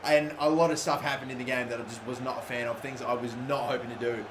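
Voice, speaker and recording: A young man giving live commentary over a football video game, excitable and swearing loudly at the game. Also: medium pitch, quick pace, noisy background. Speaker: gaming YouTuber.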